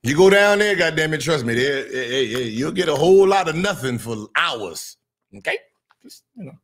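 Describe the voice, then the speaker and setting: A man with a husky, slightly high voice reacts to a clip he is watching, laughing and swearing freely. His pitch swings widely as he boasts and argues back in loose, casual chat. He grew up in California. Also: lively intonation, moderate pace, a bit bright. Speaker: show host reacting to a clip.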